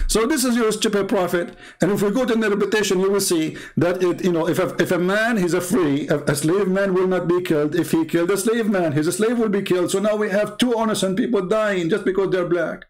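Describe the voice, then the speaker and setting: A man's voice: sits high, a little fast, a little mellow. A man hosting a livestream, talking in a mocking, emphatic, sarcastic way. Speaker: host. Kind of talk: livestream commentary.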